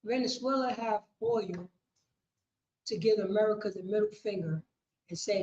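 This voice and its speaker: A woman teaching a scripture class, preaching with call and response, impassioned and rising to shouts, then dropping low. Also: moderate pace. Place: classroom at a group's headquarters. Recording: roomy, muffled room recording.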